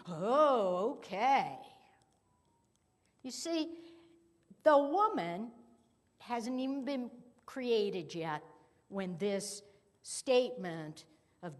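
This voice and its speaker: Female pastor, unhurried conversational sermon with acted-out quotes, echoing sanctuary. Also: medium pitch, expressive. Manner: conversational, playful, acts out quoted dialogue. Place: church sanctuary.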